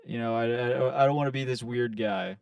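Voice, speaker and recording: A man's voice: mid-range voice, a little fast, gravelly, darkish tone, clear, resonant tone, no echo, distant mic. A young man co-hosting a podcast, telling a rambling, profane story in casual chat. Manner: rambling, profane, quotes friends in put-on voices. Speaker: podcast co-host.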